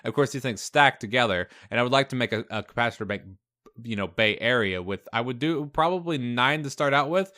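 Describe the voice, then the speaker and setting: A man's voice: mid-range voice, fairly quick, pushed and bright. A young man with a mostly hidden Southern US accent, hosting a casual game let's play and chatting while he plays, thinking aloud. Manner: chatty, upbeat, thinks aloud with fillers and laughs. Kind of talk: casual gameplay commentary.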